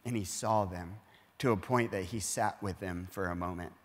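Speaking in a church auditorium, this pastor earnestly explains and acts out everyday exchanges in a conversational sermon. He has a low-pitched voice at a moderate pace, followed by a long reverb tail.

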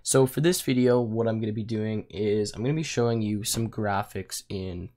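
Young man with a raspy, worn-out voice. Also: on the low side, moderate pace, mellow. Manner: casual, with fillers like um and like. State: losing his voice. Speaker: programming tutor. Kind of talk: screen-recorded coding tutorial.

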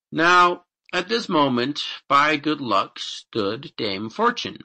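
Male audiobook narrator, fairy tale reading, slow pace, gravelly bright voice. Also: mid-range voice. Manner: unhurried, expressive reading. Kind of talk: scripted storybook narration.

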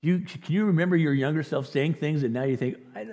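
A male pastor preaching a sermon, telling the story in an animated way and acting out the quotes with chuckles. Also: on the high side, quick pace. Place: church sanctuary. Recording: long reverb of a large hall.

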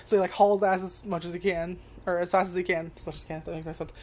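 A woman's voice: on the low side, fairly even intonation, fast, mellow. A woman giving casual first impressions of a show, rambling, swearing freely and correcting herself as she goes. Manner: rambling, profane, self-correcting. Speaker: anime reviewer.

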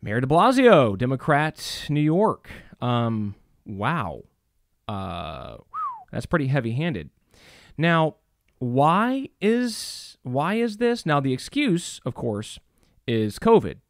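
In a dry, studio-quality recording, a middle-aged man delivers a preaching talk to a church audience. His mid-range voice is sing-song and he takes it slowly, speaking emphatically with rhetorical questions and plenty of fillers.

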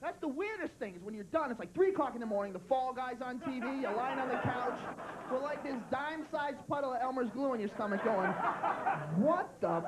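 A man performing a stand-up comedy set on a club stage, loud and animated, swearing and acting out quick voices. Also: very high voice, poor audio. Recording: live club recording, loud crowd and noise.

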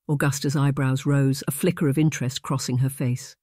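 An audiobook narrator reading a romance novel in a steady, even storytelling manner. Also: medium pitch, brisk, hardly any pauses, no echo, clean studio sound. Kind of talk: scripted narration.

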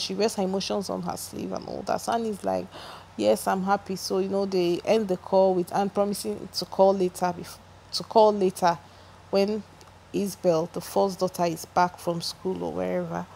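A woman's voice: mid-range voice, little pitch movement, normal speed, vocal fry, warm tone, breathy edge. A woman giving a chatty, opinionated gossip recap, often restarting her sentences. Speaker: celebrity gossip vlogger.

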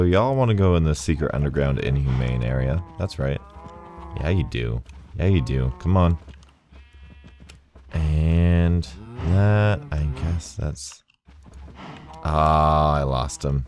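A man's voice: extremely low pitch, very animated, measured pace, gravelly, darkish tone, a little hiss or hum. A man hosting a gaming video, chatting casually and rambling, laughing often as he plays. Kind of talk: casual gameplay commentary. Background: faint game music.

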